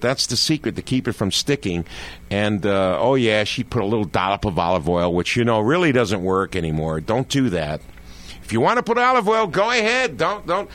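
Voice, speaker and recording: An older man spins a comic storytelling monologue with a lively, swooping voice. He chats straight to his listeners, teasing them and leaning into every detail. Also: on the low side. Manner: animated, chatty, addresses the audience directly.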